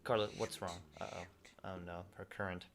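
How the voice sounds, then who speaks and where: A man's voice: deep voice, steady tone, fairly quick, creaky, very noisy. A man hosting a casual gaming livestream, reading viewer chat messages aloud and chatting back. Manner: reads viewer chat aloud and replies conversationally. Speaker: livestream host.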